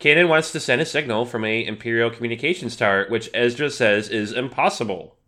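A man's voice: medium pitch, fairly quick, sharp tone. A man co-hosting a podcast in casual chat, bantering with jokes and plenty of swearing. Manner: joking, profane banter. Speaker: podcast co-host.

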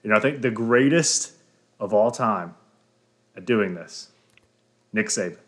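A man co-hosting a podcast in casual chat, loud, jokey and emphatic. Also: on the low side, expressive, unhurried. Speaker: podcast co-host. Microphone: sitting far from the mic.

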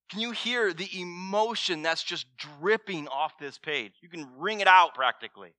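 A man preaching a sermon as pastor, swinging between loud emphasis and hushed words and asking the congregation direct questions. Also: high voice, animated, normal speed, hardly any pauses, no echo.

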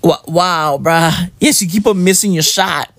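A man's voice: sits high, measured pace, a bit bright, no room sound. A man vlogging in casual chat with his wife, teasing and joking in playful banter.

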